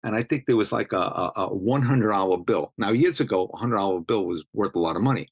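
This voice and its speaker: A street photographer in his 70s from Brooklyn, New York, is being interviewed and talks fast in a husky, lowish voice with no room sound. He rambles through stories in casual conversation, constantly restarting and dropping in "you know."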